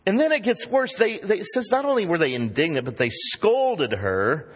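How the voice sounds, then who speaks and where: A man preaching a sermon as pastor, emphatic and animated, acting out the voices he quotes. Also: sits high, normal speed, breathy edge. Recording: long reverb of a hall.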